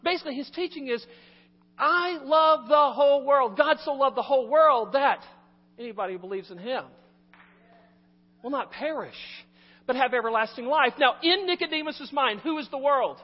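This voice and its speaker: A man preaching a sermon as pastor, animated, swinging between loud emphasis and quiet asides. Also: very high-pitched, fairly quick. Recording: muffled recording in a reverberant hall.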